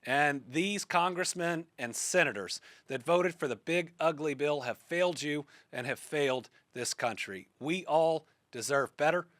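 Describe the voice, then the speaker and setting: A man's voice: on the high side, a little slow, hardly any pauses, fairly bright tone. Fired-up Kentucky man hosting a podcast. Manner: fired-up, earnest political speaking. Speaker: podcast host. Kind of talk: interview then spoken commentary.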